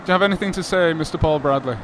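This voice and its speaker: A man hosts a live podcast, bantering and introducing his guests in a brisk, announcer-like way. His voice sits high, with faint noise around him in a convention hall. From Lancashire. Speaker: podcast host.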